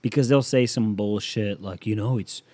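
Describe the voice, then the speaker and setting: Dude ranting and swearing on his podcast, dark mellow voice, dry close sound. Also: on the low side, normal speed, dry recording. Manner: profane, ranting, sarcastic. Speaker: podcast host. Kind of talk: comedic monologue.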